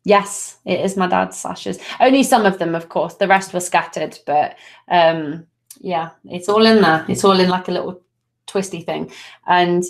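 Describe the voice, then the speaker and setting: A woman's voice: lowish voice, unhurried, vocal fry. A woman giving a live psychic card reading, speaking reassuringly and chatting casually with viewers as she answers their comments.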